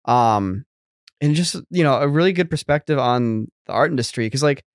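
A man's voice: mid-range voice, expressive, normal speed, no room sound, clean studio sound. A man in his thirties co-hosting a casual podcast chat, rambling with lots of fillers and restarts. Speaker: podcast co-host.

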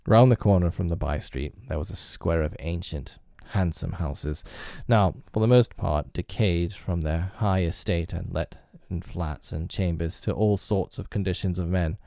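A man reading a classic novel aloud in a measured, steady storybook narration. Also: low voice, creaky, dry recording, clean studio sound.

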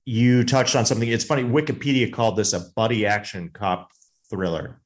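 A man's voice: medium pitch, fairly even intonation, brisk. A man co-hosting a podcast, chatting about a movie in a self-correcting, affirming way. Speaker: podcast co-host. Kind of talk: casual movie discussion.

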